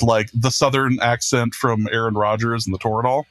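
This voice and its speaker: A man's voice: mid-range voice, normal speed, few pauses, fairly bright tone, dry recording. Dry-miked self-mocking male podcast host. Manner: self-deprecating, rambling with restarts. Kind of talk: casual podcast chat. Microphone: podcast microphone.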